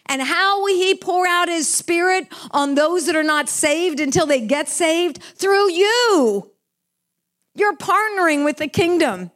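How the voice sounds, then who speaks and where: An older woman with a high voice gives an earnest, heartfelt sermon. She preaches with warm conviction about loving others. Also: animated, measured pace. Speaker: Christian speaker.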